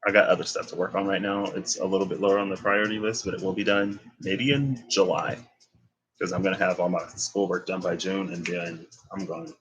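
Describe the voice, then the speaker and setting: A man's voice: low voice, steady tone, brisk, fairly bright tone, poor audio. A young man giving a casual tarot reading, rambling and thinking aloud as he corrects himself. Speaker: tarot reader.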